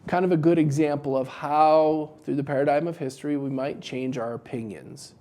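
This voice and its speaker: A man coaching dental practice owners in a casual, joking advice talk, telling animated stories to make his point. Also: on the high side, normal speed. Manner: wry, joking, animated storytelling.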